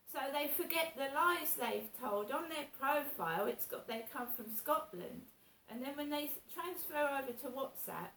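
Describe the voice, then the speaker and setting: A woman's voice: high-pitched, fairly bright tone, distant mic. A woman vlogging in a rambling, aggrieved way, repeating herself as she complains. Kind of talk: casual vlog rant. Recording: echoey room with faint hiss.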